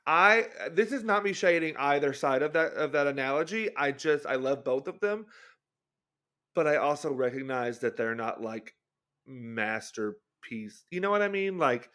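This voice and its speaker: A man's voice: on the high side, expressive, moderate pace, pushed and bright. A man from Arkansas hosting a podcast, chatty and leading the segments in casual talk. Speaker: podcast host. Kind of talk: casual chat.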